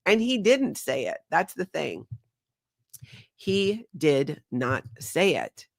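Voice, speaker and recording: A woman's voice: low voice, slow, gravelly, no room sound, clean studio sound. Chatty woman hosting a livestream. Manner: chatty, animated storytelling. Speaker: host. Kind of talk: livestream commentary.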